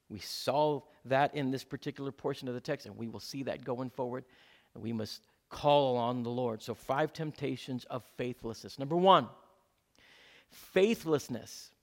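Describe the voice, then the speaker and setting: A man preaching a sermon as pastor, exhorting his listeners and repeating key points slowly so they can write them down. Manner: swings between loud exhortation and hushed low lines.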